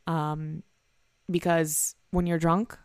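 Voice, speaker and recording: A woman's voice: deep voice, little pitch movement, slow pace, clean tone, dry recording, clean studio sound. A young woman in her twenties talking alone on her podcast, rambling and candid, swearing freely and peppering her talk with "like" while anxious and hungover. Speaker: podcast host. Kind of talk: solo podcast monologue.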